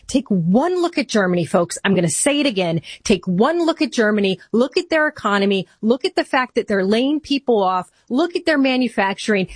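A woman's voice: on the high side, slightly rough, no echo, studio quality. Urgent, emphatic woman radio host. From Michigan. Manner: urgent, emphatic, repeats for effect. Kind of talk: political talk radio commentary.

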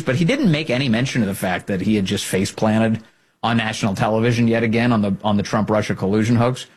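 A man's voice: mid-range voice, husky. A man hosting a talk show, delivering sarcastic political commentary in a mocking tone. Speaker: show host.

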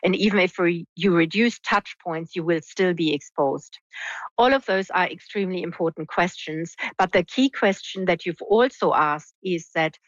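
Low-voiced woman researcher, lo-fi. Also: dry recording. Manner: measured, with frequent fillers. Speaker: researcher guest. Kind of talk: explaining research in an interview.

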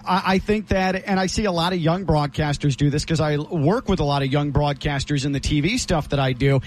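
A man co-hosting a casual podcast, agreeable and easygoing as he chats. His speaking voice sits noticeably high. He explains things plainly and often agrees with his partner. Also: fairly quick. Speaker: sports broadcaster and podcast co-host. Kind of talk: casual chat.

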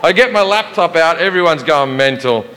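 Australian man, stand-up comedy, brash, profane, somewhat high voice, long hall reverb. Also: expressive, normal speed, pushed and bright.

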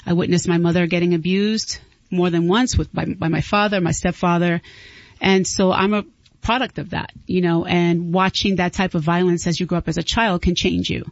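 A woman's voice: on the low side, steady tone, normal speed, no room sound, lo-fi sound. A woman guest speaking earnestly and candidly in an interview, often restarting her sentences. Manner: earnest, heartfelt, frequent restarts. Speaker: guest author.

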